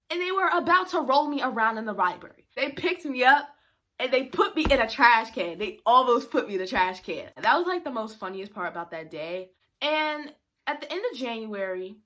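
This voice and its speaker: Young woman vlogger, bright tone, lively storyteller who acts out the voices. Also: a little high. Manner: chatty, animated, acts out quoted voices. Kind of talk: storytime vlog.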